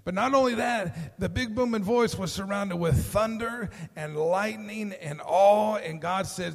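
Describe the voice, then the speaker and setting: A man preaching a sermon as pastor, telling stories with lively acted-out voices and often repeating words as he starts a sentence. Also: high-pitched, measured pace, creaky, few pauses, big-room sound. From Texas.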